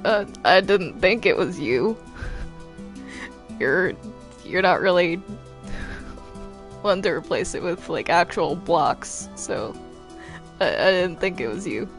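A man's voice: high voice, lively intonation, slow pace, long pauses, fairly bright tone, soft background music, full character voice. A man voicing a flustered male cartoon demon in a game role-play, stammering and repeating words. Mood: confused. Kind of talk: Minecraft role-play acting.

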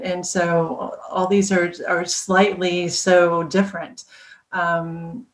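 A woman who works as a translator, speaking as a podcast guest in a hesitant way with many ums and restarts. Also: lowish voice. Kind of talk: casual podcast conversation. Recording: roomy echo.

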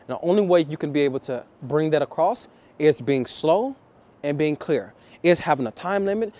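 Man, dating coach, vlog, deliberate, repeats phrases, a bit high-pitched. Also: dark tone. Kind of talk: talking-head coaching vlog.

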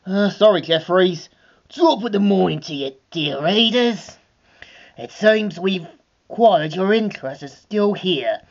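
Lady putting on a stiff fussy butler guy, kinda low, muffled sound. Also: animated, measured pace, darkish tone. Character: prim, fussy male butler. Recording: dull lo-fi home recording.

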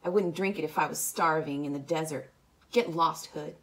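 A woman voicing a pretty, cool-headed teenage girl cheerleader in a read-aloud, with a biting edge that softens. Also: deep voice, moderate pace, a loud crowd, natural voice.

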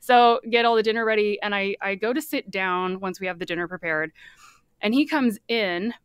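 Podcast guest, woman, middle pitch, chatty storyteller who acts out quotes; clean, dry recording. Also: moderate pace, smooth, no room sound. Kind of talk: casual personal storytelling.

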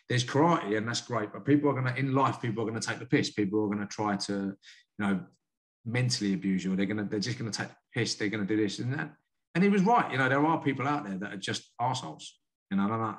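A man from the UK, a karate sensei and boxing coach, telling stories frankly and earnestly as a podcast guest. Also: on the low side. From United Kingdom. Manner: frank, earnest, quick to admit feelings. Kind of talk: candid storytelling in a podcast interview.

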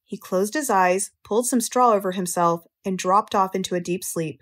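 American woman reading a storybook aloud. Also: medium pitch. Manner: clear, measured storytelling. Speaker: audiobook narrator, English teacher. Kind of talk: audiobook narration for English learners.

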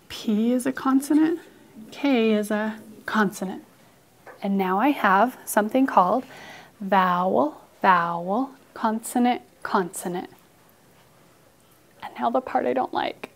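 A woman's voice: mid-range voice, a little slow, long pauses. Dramatic, coaxing woman teaching a class. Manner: playfully dramatic, coaxing, with sighs and hushed asides. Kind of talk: classroom phonics lesson.

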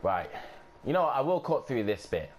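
A man talks through a shooter match in a loose, sweary way, his pitch rising and falling a lot as he thinks aloud. A steady noise sits under the voice. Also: normal speed, lo-fi sound. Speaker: gameplay commentator. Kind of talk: casual gameplay commentary.

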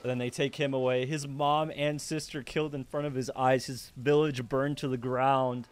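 A man casually reacting to an anime episode, excitable, swearing and laughing often as he talks. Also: medium pitch, moderate pace, clear, resonant tone.

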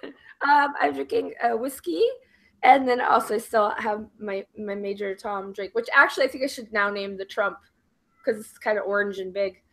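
Gravelly-voiced woman with a cold. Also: medium pitch, moderate pace, a bit bright. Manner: giggly, jokey. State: has a cold. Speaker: book club co-host.

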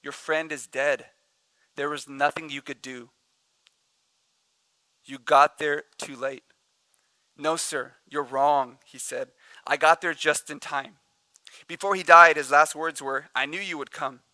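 A man preaching a sermon as pastor, telling stories with animated energy and laughing easily. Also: a little high, dry recording, rough recording. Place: church sanctuary.

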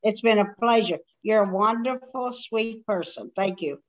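Older lady hosting a chat over a video call, halting, rambly, kinda muffled sound. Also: mid-range voice. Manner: halting and rambling, many restarts. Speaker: host. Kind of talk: casual video conversation.

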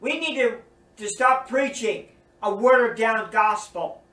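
A high-pitched man preaches slowly and earnestly, leaning on repetition for emphasis. He sounds set back from the mic in a roomy, echoing space. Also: a bit bright. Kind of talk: recorded sermon teaching. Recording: roomy echo, distant from mic.

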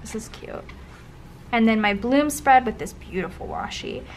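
A young woman flipping through her old planner spreads in a casual vlog, often trailing into soft, breathy gushing asides. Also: a little high, expressive, normal speed. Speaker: planner vlogger. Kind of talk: casual flip-through commentary. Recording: faint background noise.

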